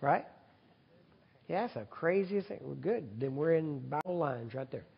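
Male preacher, gravelly and husky, conversational with the congregation, dull recording in a big reverberant hall. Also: fairly high pitch, lively intonation, unhurried. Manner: leads congregation in repeat-after-me prayer, loud and emphatic; conversational, asks audience for agreement. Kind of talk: sermon.

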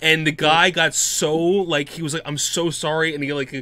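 A man co-hosting a podcast, telling gaming stories in an animated way with laughs, acting out quotes. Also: fairly high pitch, normal speed. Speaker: podcast co-host. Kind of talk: casual storytelling chat.

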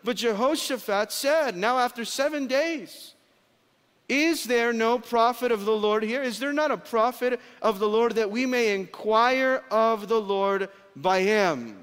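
A pastor preaching a sermon at a conference, emphatic, slowing and dropping low on key phrases. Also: male voice, a bit bright, smooth. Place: large conference hall. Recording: long hall reverb.

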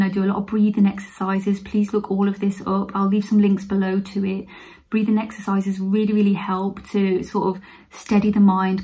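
Woman, nurse, candid heart-to-heart vlog, mid-pitched, earnest. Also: a little mellow, rough recording. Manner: earnest, open, turns emotional and teary at times. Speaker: nurse vlogger. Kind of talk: heartfelt personal talk to camera.

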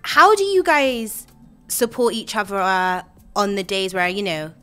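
A young woman from Bristol hosting a casual interview, upbeat and quick to laugh. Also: medium pitch, fairly bright tone, clean tone, faint music behind. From Bristol, England. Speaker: host.

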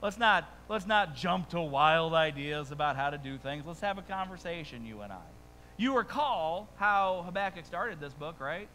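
A man's voice: on the high side, animated, moderate pace, bright, forceful tone, big-room sound, slight background noise, rough recording. A man preaching a sermon as pastor, talking conversationally with humorous stories and rhetorical asides.

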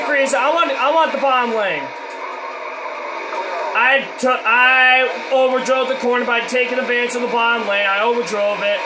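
A man giving live commentary over his own racing gameplay, frustrated, swearing and often shouting. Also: very high-pitched, background noise.

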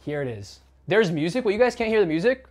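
A man's voice: sits high, very animated, fast talker. A man streaming casually, rambling and joking as he talks to his chat and swears now and then. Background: faint background music.

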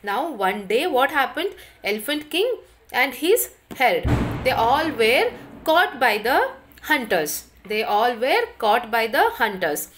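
A woman with an Indian English accent teaches a children's story, repeating and rephrasing each phrase and explaining word meanings as she goes. Her pitch sits fairly high and moves up and down a lot. Faint noise and small clicks sit under the voice. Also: big pitch swings, slow, a bit bright.

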